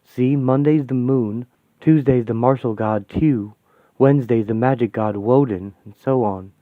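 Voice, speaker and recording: A man's voice: medium pitch, a little slow, no room sound, close to an everyday voice. A man voicing an earnest, bookish young woman who patiently explains magical symbols in a fan radio-play comic. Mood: explaining. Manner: explanatory, thoughtful. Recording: tinny, dry, phone-like sound.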